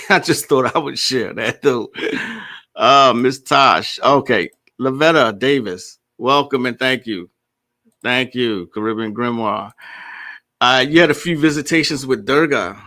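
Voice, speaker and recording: A man's voice: medium pitch, measured pace, bright, forceful tone. A man hosting a casual livestream, greeting viewers and chatting. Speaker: host.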